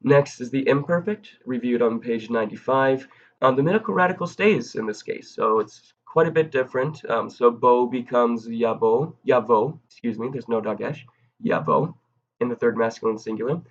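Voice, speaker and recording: A man giving a recorded video grammar lesson in a casual, halting way, with frequent ums and self-corrections. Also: mid-range voice, dull audio. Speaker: grammar teacher.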